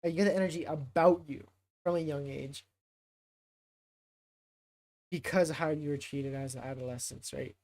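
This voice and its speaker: A man casually talking on a livestream, rambling and thinking out loud with lots of fillers and restarts. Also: a little high, steady tone, normal speed, pauses often. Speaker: streamer.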